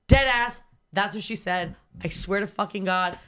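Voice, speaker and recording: A woman's voice: medium pitch, moderate pace, slight background noise. A woman co-hosting a podcast, chatting casually and crudely, telling stories full of swearing. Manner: loud, profane, storytelling. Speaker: podcast co-host.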